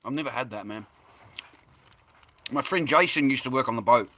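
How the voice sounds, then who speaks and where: Man, Australian accent, casual chat to camera, rambling, bright voice. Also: medium pitch, moderate pace. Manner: rambling, chatty, laughs easily.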